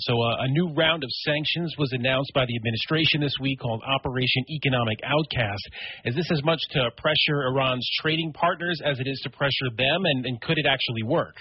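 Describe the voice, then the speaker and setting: A brisk, fast-paced male radio anchor with a slightly husky voice. He questions a guest and trades friendly remarks with a co-host, heard through a dry, dull-sounding broadcast. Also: medium pitch, no room sound. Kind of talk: live radio interview and banter.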